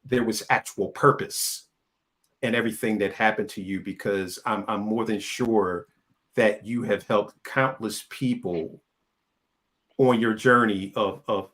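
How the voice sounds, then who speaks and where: Low-voiced male host asking haltingly. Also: steady tone, fairly bright tone. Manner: hesitant, repeats words while asking. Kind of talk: interview questions.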